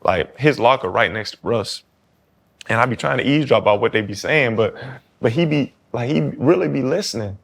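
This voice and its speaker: This guest quarterback, in his thirties with a New Orleans accent, keeps things casual on the podcast, getting animated as he acts out quoted talk. His voice is medium-pitched and creaky, his pace moderate.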